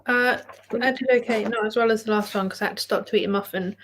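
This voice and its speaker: A woman guest in a casual reading stream, chatting in a relaxed, friendly way and laughing easily. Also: mid-range voice, fast, slight background noise. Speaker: guest book reviewer. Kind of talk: casual livestream chat.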